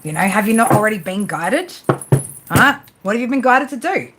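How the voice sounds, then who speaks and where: Over heavy background noise, a woman gives a live tarot reading, speaking casually, bluntly, and affectionately, swearing, repeating herself, and tacking "right?" onto her points. Her medium-pitched voice is animated, at a moderate pace.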